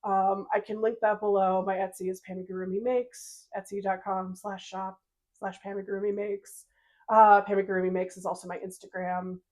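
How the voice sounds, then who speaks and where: A woman's voice: mid-range voice, level tone, normal speed, darkish tone. A young adult woman co-hosting a crafting podcast, chatting casually, giggling and trailing off mid-sentence. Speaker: podcast co-host. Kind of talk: casual chat.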